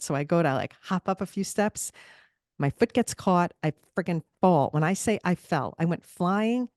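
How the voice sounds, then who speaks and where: Podcast co-host, woman, low register, animated storyteller who laughs easily, dry close recording. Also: moderate pace, dry recording. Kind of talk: casual chat.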